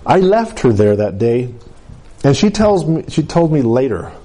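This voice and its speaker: A man preaching a sermon, telling his own testimony in an animated way, with quick asides and self-corrections. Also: mid-range voice.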